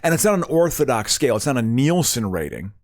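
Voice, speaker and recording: Man, podcast co-host, rambling chat, lively pitch, dry sound. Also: quick pace, dry recording. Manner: rambling, self-mocking, animated.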